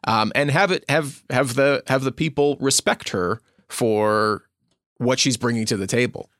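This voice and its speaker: A man of ordinary pitch talking through ideas about playing characters in a casual conversation. He works his thoughts out aloud, stalling and restarting as he goes. The sound is dry and close to the mic. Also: measured pace, fairly bright tone, dry recording. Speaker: podcast co-host and player. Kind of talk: casual chat.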